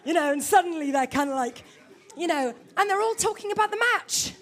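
A middle-aged woman preacher giving a sermon to a church congregation, lively and humorous, teasing her listeners. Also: very high voice, a little fast.

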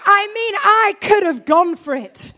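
A woman's voice: extremely high pitch, animated, unhurried, pushed and bright, a faint crowd. A woman preacher giving a sermon, telling a story about herself with self-mocking humor.

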